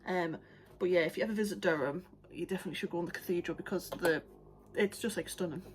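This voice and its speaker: A woman's voice: on the low side, fast talker, slight background noise. A young woman, an art vlogger chatting casually and rambling with many fillers. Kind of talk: casual chat.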